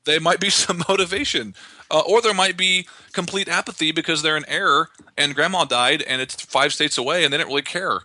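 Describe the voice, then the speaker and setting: Male real estate investor guest, quick, sharp-toned, rambling explainer. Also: a little high, no room sound. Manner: fast, animated explainer with frequent restarts. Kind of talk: conversational podcast interview.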